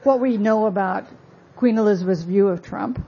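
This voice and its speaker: Woman author, book talk, mellow husky voice, wry asides, dull lo-fi recording. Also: medium pitch, normal speed. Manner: conversational, frequent fillers, wry asides.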